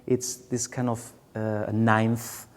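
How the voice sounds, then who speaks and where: A man with a Spanish accent, a conductor coaching a singer in a master class, halting and searching for words, singing phrases to show what he means. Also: fairly low pitch, level tone. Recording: hall reverb, faint room noise.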